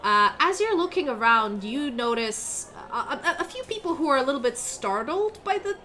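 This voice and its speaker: A woman's voice: sits high, sing-song, normal speed, sharp tone. A woman narrating as game master of a tabletop role-playing game, chatty with many fillers.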